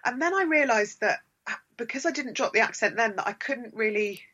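An actor with a London accent, chatting as an interview guest in a lively, emphatic way, repeating words for stress. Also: medium pitch, a little fast, slightly rough, muffled recording. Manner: animated, emphatic repetitions. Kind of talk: casual interview chat.

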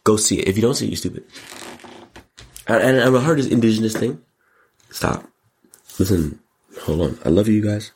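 A man with a low, slightly husky voice talks straight to his audience as the host of his own show. He reviews a film in loose, slangy bursts and hammers his points home by repeating words. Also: normal speed, long pauses, a little mellow. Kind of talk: casual movie review monologue.

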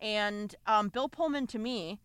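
A woman's voice: mid-range voice, measured pace, a bit bright, clean tone, no echo. A woman co-hosting a podcast in casual chat, blunt and swearing, going over her notes. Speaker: podcast co-host.

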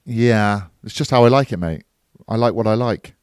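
Chatty British podcast co-host, low voice. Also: male voice, moderate pace, a little mellow, clear, resonant tone, no echo, clean studio sound. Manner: chatty, laughs at own stories, acts out mates' voices. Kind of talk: casual banter podcast.

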